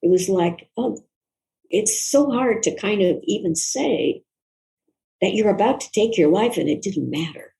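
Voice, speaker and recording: An older woman, a guest author, recalling a personal story in an interview in a reflective, soft-spoken, earnest way. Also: mid-range voice, animated, unhurried, vocal fry, poor audio.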